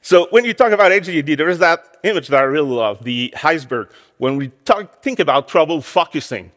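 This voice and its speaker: A man's voice: on the high side, animated, brisk, hardly any pauses, fairly bright tone. A man in his forties with a French Canadian accent giving a candid, self-deprecating conference talk. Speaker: conference speaker. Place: conference hall. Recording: conference hall with long reverb.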